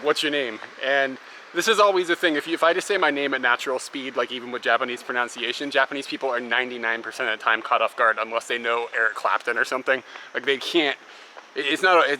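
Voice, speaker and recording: A man's voice: medium pitch, bright, forceful tone. A young man talking casually to his camera as a travel vlogger, chatty and amused, laughing often between phrases. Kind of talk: casual vlog chat to camera. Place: laundromat and outdoor travel spots. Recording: noisy background with passing vehicles.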